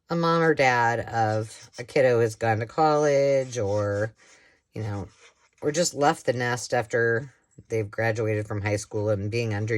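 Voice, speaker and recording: A woman's voice: very deep voice, dry recording. A middle-aged woman hosting a home crafting vlog, chatting and telling a rambling story while she works, laughing and acting out the voices of the people in it. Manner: rambling, animated storyteller who laughs often and acts out quoted voices. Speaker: craft channel host.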